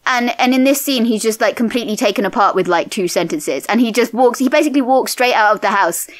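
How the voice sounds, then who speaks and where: A woman co-hosting a book podcast, talking in an animated, playful way. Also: fairly high pitch, quick pace. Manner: animated, playful, acts out characters. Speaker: podcast co-host. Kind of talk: casual book discussion.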